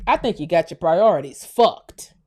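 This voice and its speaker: A woman from the United States hosting her own channel, delivering a profane, heated commentary rant that swings from low muttering to shouting. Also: expressive, normal speed, breathy edge. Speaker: channel host. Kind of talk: ranting commentary vlog.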